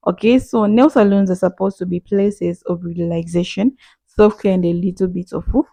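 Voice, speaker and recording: A woman's voice: on the low side, steady tone, moderate pace, vocal fry, warm tone, dry recording. A woman host sharing her reaction commentary directly with viewers, opinionated and direct.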